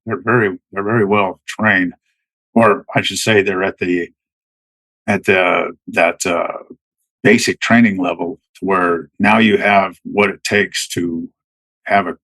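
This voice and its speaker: A man's voice: low-pitched, fairly even intonation, takes it slowly, fairly bright tone, no echo, low-quality recording. A middle-aged man, a military veteran, telling stories as a podcast guest in a rambling way, full of restarts and fillers. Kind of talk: casual storytelling.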